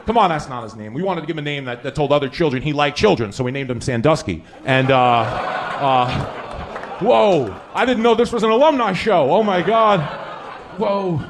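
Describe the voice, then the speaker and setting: A man's voice: a little high, animated, normal speed, slight background noise. A man, a parent, doing a punchy stand-up set in a live club. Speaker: stand-up comedian.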